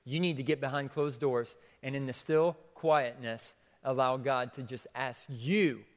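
A man preaching a sermon as pastor, repeating questions for emphasis and swinging between hushed and raised delivery. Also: mid-range voice, steady tone, a little slow. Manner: repeats questions for emphasis, drops to near whisper then rises. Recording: long hall reverb.

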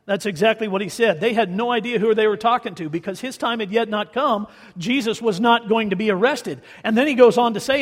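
High-voiced preacher in a reverberant hall. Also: male voice, normal speed, slightly rough. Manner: dramatic, swings from loud to hushed. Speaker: pastor. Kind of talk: sermon.

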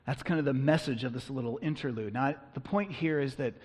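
A man preaching a sermon as pastor, talking conversationally and punching words with bursts of loud emphasis. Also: mid-range voice, brisk, husky, in a large hall.

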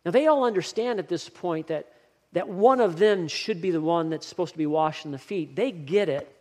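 A man delivering a sermon, his voice sitting a little high for a man. He presses his points with rising emphasis and repeats key lines. The sound carries a long reverb, like a church sanctuary. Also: normal speed, dark tone. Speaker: pastor.

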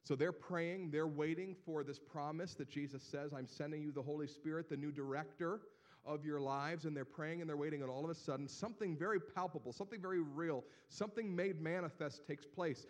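A man from Northeast Ohio preaching a sermon, with a Northeast Ohio accent. He talks animatedly and builds to loud, emphatic proclamations. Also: fairly high pitch, fairly quick. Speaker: pastor.

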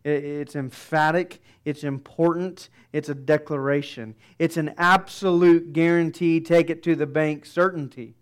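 A pastor preaching a sermon, emphatic, with dramatic soft pauses. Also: male voice, on the high side, steady tone, clean tone.

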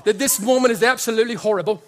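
A sneering male talent-show judge with a high, pushed voice, done by a man as a quick joke. He sounds haughty and dismissive. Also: a little hiss or hum, lightly acted. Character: snooty male TV talent judge, British-style.

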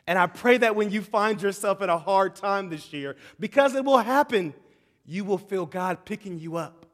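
Animated preacher man in a reverberant hall. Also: sits high, moderate pace. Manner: swings from shouting excitement to hushed, tender tones; calls out to the audience as "y'all". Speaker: pastor. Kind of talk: sermon.

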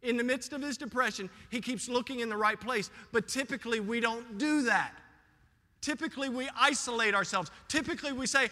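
Impassioned high-voiced male preacher in a reverberant church. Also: lively intonation, brisk, bright, forceful tone. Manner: impassioned preaching, voice rising and dropping sharply. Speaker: pastor. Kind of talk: sermon. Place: church sanctuary.

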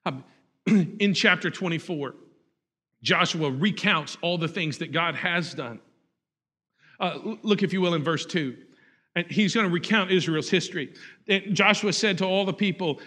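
A man in his thirties, a pastor preaching an animated sermon that swings from loud to hushed. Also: high voice, normal speed, long pauses, breathy edge, long reverb tail.

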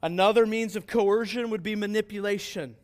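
A man's voice: high-pitched, steady tone, brisk, a little mellow. A man pastor preaching a sermon, earnest and emphatic, often asking rhetorical questions and answering them.

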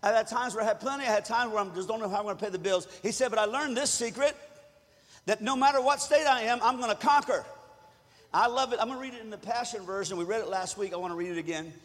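A high-pitched man preaching a sermon in a church, his voice carrying a long hall reverb. He talks easily with the congregation and builds to loud calls for them to join in. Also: fast. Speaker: pastor.

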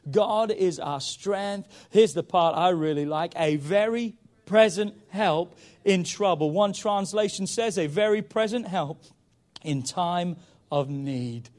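A male pastor preaching a sermon, emphatic and urging, often saying "come on" and swinging between loud pushes and quiet stretches. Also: high-pitched, takes it slowly. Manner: emphatic, repeats "come on", rises and drops in volume.

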